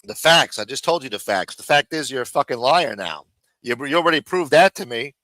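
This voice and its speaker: Bright, angry man ranting live. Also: mid-range voice, expressive, fairly quick, no echo, poor audio. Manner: angry, profane, mocking. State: talking around a throat lozenge. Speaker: live stream host. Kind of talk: heated live stream rant.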